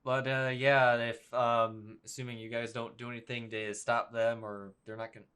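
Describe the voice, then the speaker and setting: A man running a tabletop game as game master, talking haltingly with many fillers. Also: medium pitch, level tone, fairly bright tone, clear, resonant tone.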